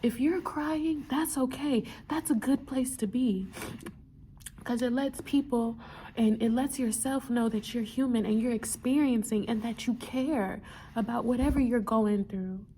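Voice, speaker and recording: A young woman talks earnestly to her viewers in a heartfelt vlog, repeating key phrases and at times sinking into a near whisper. Her voice is mellow and slightly high. A faint noise sits under the recording. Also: a little slow. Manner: earnest and repetitive, slips into soft whispers. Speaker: vlogger, medical student. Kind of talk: heartfelt motivational vlog talk.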